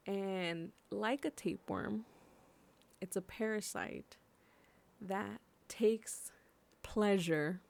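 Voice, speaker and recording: A young woman from California speaks in an impassioned, personal vlog. Her voice carries a gravelly fry in an otherwise mid-range pitch. She swears freely and drags out words for emphasis. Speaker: vlogger.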